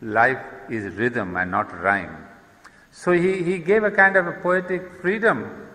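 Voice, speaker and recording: A man's voice: medium pitch, bright, forceful tone. Man lecturing in a reverberant hall. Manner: reads verse lines slowly, then explains with hesitant restarts. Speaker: lecturer on poetry and yoga. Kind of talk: explanatory lecture.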